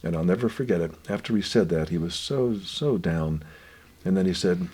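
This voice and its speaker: An older man gently telling family stories in an unhurried, reflective way, his voice often dropping quiet. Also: deep voice, expressive, husky. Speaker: guest author.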